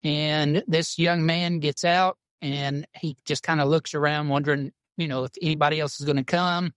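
A pastor, a man who talks in a folksy, drawling storytelling way. His voice sits somewhat high for a man, and the recording is dry and close with no room sound. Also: steady tone, moderate pace, fairly bright tone, no echo. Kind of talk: casual podcast chat about church.

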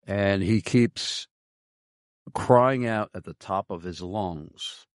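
A man co-hosting a podcast, telling a joke in a slow, deliberate storytelling way. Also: fairly low pitch, dry recording, clean studio sound. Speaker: podcast co-host.

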